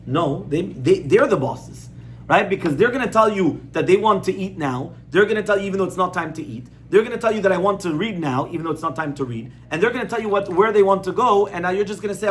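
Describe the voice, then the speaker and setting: Rabbi teaching a small group; plain conversational delivery, repeats himself for emphasis, faint room noise. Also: male voice, high-pitched, expressive, fast talker. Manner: conversational, repeats points, asks audience rhetorical questions. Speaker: rabbi giving a class. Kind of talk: informal Torah class on parenting.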